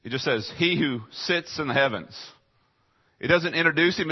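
Husky male pastor, dramatic sermon delivery, muffled low-fi sound, mid pitch. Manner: dramatic swings between quiet asides and raised emphatic lines.

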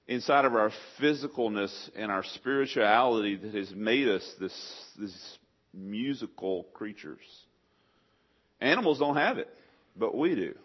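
A middle-aged male pastor preaching a sermon, animated, with sudden loud acted outbursts. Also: mid-range voice, husky. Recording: slightly dull lo-fi sound.

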